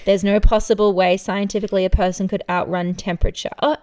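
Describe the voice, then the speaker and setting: A woman's voice: medium pitch, flat delivery, quick pace, a little mellow. A woman co-hosting a podcast in casual chat, wry and sarcastic, musing through tangents with fillers. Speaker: podcast co-host.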